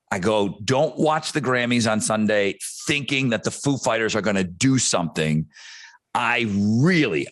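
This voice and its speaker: A middle-aged man co-hosting a podcast, laying out his points step by step in a measured way. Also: fairly low pitch, no room sound. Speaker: podcast co-host. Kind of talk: casual podcast chat.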